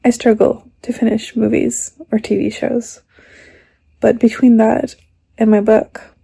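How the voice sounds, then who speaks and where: Woman vlogger, casual home chat, light vocal fry, camera mic. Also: fairly high pitch, flat delivery, a little slow, dark tone. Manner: chatty, talks baby talk to her cat. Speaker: book vlogger. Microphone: camera mic, no external mic.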